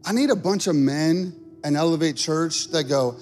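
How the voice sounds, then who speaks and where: Man preaching over soft music. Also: on the high side, moderate pace. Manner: storytelling with many fillers, building to emphatic calls. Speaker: pastor. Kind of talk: sermon.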